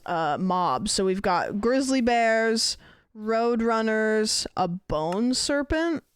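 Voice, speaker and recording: A woman's voice: mid-range voice, clean tone, no echo, clean studio sound. A woman livestreaming a game, chatting casually and swearing freely. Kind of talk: casual chat while gaming.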